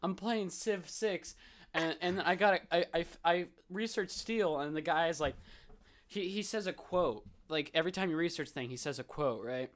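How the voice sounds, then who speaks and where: Excitable young guy in casual banter. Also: a little high, moderate pace. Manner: excitable, joking, repeats himself. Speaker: podcast co-host.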